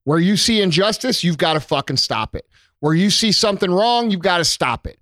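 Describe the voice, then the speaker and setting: A man's voice: sits high, animated, brisk, a bit bright, no room sound. A man co-hosting a podcast, giving a heated, profane, preachy rant about what people should do. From United States. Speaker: podcast co-host.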